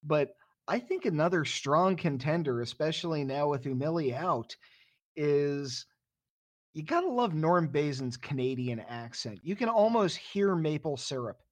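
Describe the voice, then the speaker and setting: A man speaking as a guest analyst in casual hockey chat, playful with quick asides. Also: a little high, animated.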